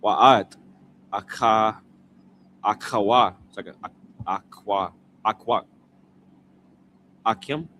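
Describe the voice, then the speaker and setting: Male scripture reader, bright-toned, slow and halting, sounds out words piece by piece. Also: fairly low pitch, slight background noise. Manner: halting, sounding out words, repeating after a prompter. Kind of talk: reading scripture aloud syllable by syllable.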